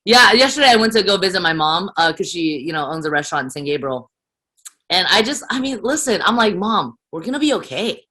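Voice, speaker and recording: A young woman from the United States chats over a video call with a bright, forward voice. She talks in an animated, emphatic way, rambling and piling on fillers as she goes. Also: fairly low pitch, fast. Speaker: actress guest. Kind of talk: casual video call conversation.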